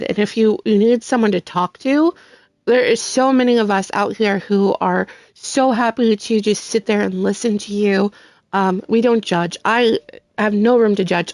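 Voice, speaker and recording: Gravelly earnest woman streamer. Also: mid-range voice, a little mellow, no room sound. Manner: earnest, sincere, with faith talk. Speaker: gaming streamer. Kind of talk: heartfelt encouraging talk to viewers.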